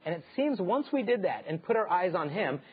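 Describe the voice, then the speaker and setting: A man in his thirties, hosting an inspirational talk show, telling lively stories and acting out the voices in them. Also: high-pitched, a little fast, husky. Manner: animated storyteller acting out quoted voices. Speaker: host and speaker. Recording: dull lo-fi sound.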